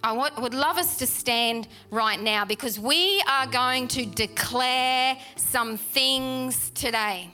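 A woman preaches to her congregation, with a fairly high, bright, ringing voice. She talks in a chatty way and drives points home by repeating them. Soft music plays behind her. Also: slow pace, hardly any pauses. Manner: animated, chatty, with laughs and emphatic repetition. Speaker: pastor. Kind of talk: sermon. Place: church hall.

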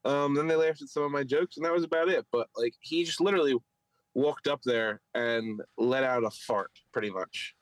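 A man's voice: medium pitch, normal speed, dry recording, rough recording. A man with a Philadelphia accent, a podcast co-host and stand-up comic, telling a story in casual chat and mimicking others in raised voices. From Philadelphia area.

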